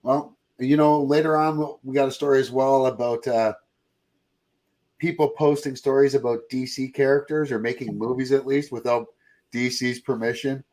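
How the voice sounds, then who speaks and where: A man's voice: medium pitch, level tone, darkish tone. Guy hosting a pop culture podcast, jokey and rambly, casual. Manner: joking, rambling, quick to laugh. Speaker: podcast host. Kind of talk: casual chat.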